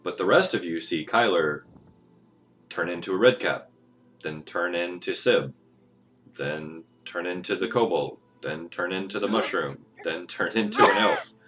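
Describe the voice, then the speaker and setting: A man's voice: deep voice, measured pace, background noise. A man running a tabletop game as game master, often laughing and amused.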